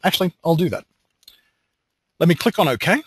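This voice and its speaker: Australian man giving a software webinar. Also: on the high side, moderate pace, slightly rough, no echo, rough recording. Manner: relaxed, joking asides. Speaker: software trainer.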